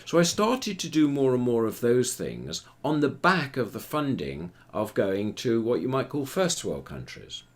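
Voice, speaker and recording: An older man, a retired theatre performer, telling long anecdotes about his career in a rambling, relaxed way with frequent fillers. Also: mid-range voice, a little slow, few pauses. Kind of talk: relaxed storytelling interview.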